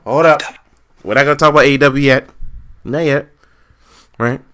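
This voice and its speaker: A man's voice: mid-range voice, fairly even intonation, moderate pace, fairly bright tone. A man co-hosting a casual podcast, dry and laid-back, cursing now and then. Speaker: podcast co-host. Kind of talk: casual chat.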